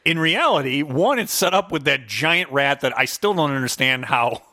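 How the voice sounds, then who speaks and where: Brief: bright, lively male co-host from Chicago, dry close recording. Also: fairly high pitch, normal speed, no room sound. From Chicago area, USA. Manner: conversational, acts out characters in quotes. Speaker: podcast co-host. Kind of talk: casual movie review chat.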